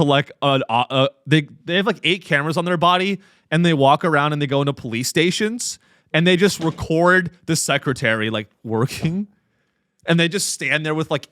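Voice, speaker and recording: A man's voice: a little high, fairly bright tone, no echo, studio quality. A man hosting a comedy podcast, ranting sarcastically and profanely, with frequent fillers and restarts. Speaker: podcast host.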